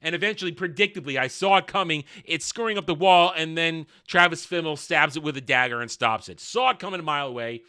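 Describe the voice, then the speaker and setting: Irreverent male TV reviewer, a bit high-pitched, very bright and forceful tone. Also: fast talker, hardly any pauses, smooth. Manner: sarcastic, irreverent and blunt. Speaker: TV show reviewer. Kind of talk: casual video review commentary.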